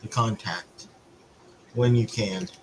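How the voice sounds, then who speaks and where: A man in casual conversation at home, making brief, unhurried remarks. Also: on the low side, a little hiss or hum, rough recording. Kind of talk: casual chat.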